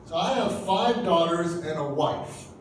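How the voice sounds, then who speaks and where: A pastor in his fifties, with a fairly high voice, lively intonation and a measured pace, gives a humorous sermon in a church hall, acting out little dialogues in different voices. The recording, made from far off in a very echoey hall, carries a slight hiss or hum.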